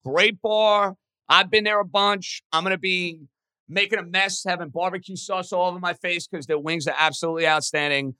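A man hosting a sports podcast in casual, excitable talk. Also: moderate pace, clear, resonant tone, no room sound. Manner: excitable, chatty, pitch jumps when animated.

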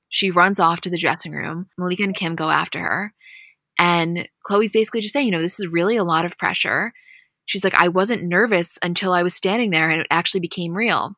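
A woman co-hosting a podcast, chatting casually and retelling scenes in an animated, storytelling way. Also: on the low side, fairly quick, no echo, studio quality. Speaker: podcast co-host. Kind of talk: casual recap chat.

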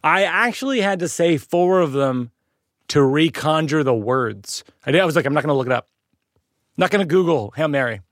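A man's voice: on the high side, expressive, a little fast, dry recording, clean studio sound. A man hosting a podcast in casual conversation, reflective and earnest, often restarting his sentences. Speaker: podcast host.

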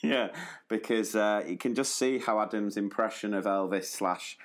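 A man with a lowish voice co-hosting a podcast, speaking in an easygoing, chatty way. He talks plainly and often laughs along. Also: normal speed. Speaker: podcast co-host. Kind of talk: casual podcast chat.

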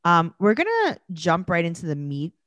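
A woman's voice: on the low side, wildly swooping pitch, moderate pace, a bit bright, dry recording, dull audio. A woman comedian hosting a podcast, chatting casually in a wry, joking way.

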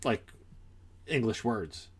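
A man's voice: fairly low pitch, animated, slow pace, fairly bright tone, husky. Hesitant male podcast co-host. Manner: hesitant, circles back while arguing a point. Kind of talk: casual chat.

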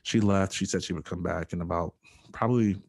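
A young man with a notably deep, low-pitched voice recounts his experience in conversation. He speaks earnestly and haltingly, filling pauses with ums and uhs as he searches for words. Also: fairly even intonation, darkish tone. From Michigan. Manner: earnest, halting storytelling with many fillers. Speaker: interview guest. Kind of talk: personal testimony in conversation.

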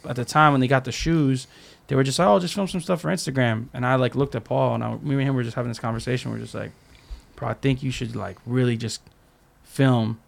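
This podcast guest, a skate filmer, tells stories in a casual chat, acting out quotes and leaning heavily on "like". His gravelly voice is medium-pitched with fairly even intonation, and he talks a little fast.

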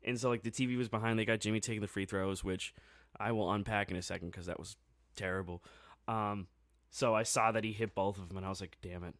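A man co-hosting a sports podcast, telling a game story in a casual, excitable way with lots of fillers. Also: lowish voice, fast talker, dry recording, clean studio sound.

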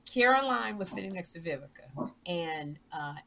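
A woman chatting casually as a co-host, an animated storyteller who acts out other people's voices. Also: fairly low pitch, normal speed, creaky, a crowd in the background. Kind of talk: casual chat.

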